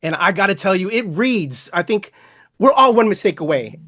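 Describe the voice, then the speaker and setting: A man's voice: high-pitched, lively intonation, normal speed, fairly bright tone, no echo, studio quality. A man interviewing an actor, effusive and respectful, praising the guest and calling him sir. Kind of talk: enthusiastic interview host.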